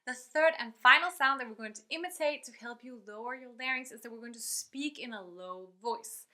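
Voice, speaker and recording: A woman's voice: fairly high pitch, brisk, sharp tone. A woman vocal coach giving an upbeat, chatty online singing lesson and breaking off to demonstrate sounds.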